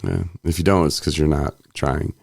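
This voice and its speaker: A man's voice: a bass voice, fairly even intonation, normal speed, vocal fry, a little mellow, no echo, studio quality. A man co-hosting a recovery podcast, talking in a rambling way, laughing often and acting out quotes. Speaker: podcast co-host. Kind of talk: casual chat.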